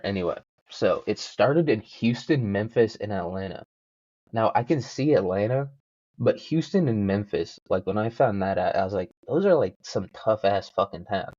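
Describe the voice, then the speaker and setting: A man's voice: on the low side, a little mellow, no echo, highs cut off. A young man hosting a solo podcast, rambling casually with lots of swearing and self-mocking jokes. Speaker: podcast host.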